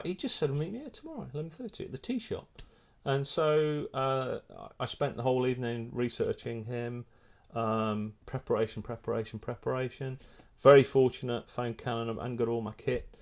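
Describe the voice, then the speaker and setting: A middle-aged man, a photographer and filmmaker, telling a lively anecdote in a casual interview, restarting his sentences often. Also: medium pitch, normal speed, creaky, hardly any pauses. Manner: animated storyteller, many restarts.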